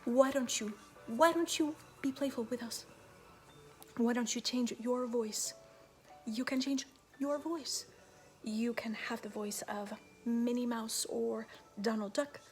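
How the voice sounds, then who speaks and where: A woman medium in trance, giving a channeled message as a collective "we" in a slow, hushed, often whispered, repetitive delivery. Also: a little high, soft background music. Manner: speaks as a collective "we".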